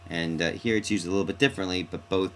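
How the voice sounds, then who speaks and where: A man's voice: low voice, fairly even intonation, fast talker, slight background noise. A man teaching a recorded mini-lesson on poetic sounds, reading his examples with playful, theatrical flair.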